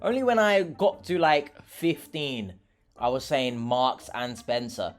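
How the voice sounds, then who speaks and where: A man's voice: medium pitch, slow, faint music behind. A young man, a vlogger, chatting casually and sarcastically while eating, rambling and talking with his mouth full.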